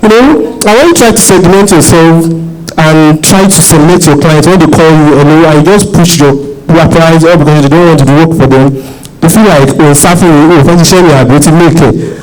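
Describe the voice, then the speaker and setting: A man's voice: on the high side, fairly quick, darkish tone, rough recording. A man asking a long, rambling question at a seminar, repeating himself and laughing nervously. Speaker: audience member asking a question.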